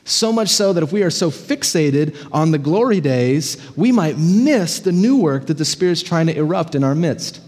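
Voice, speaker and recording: Animated preacher in a reverberant hall. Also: male voice, fairly high pitch, normal speed, few pauses. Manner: animated storytelling, frequent "right?" check-ins. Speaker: pastor. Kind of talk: sermon.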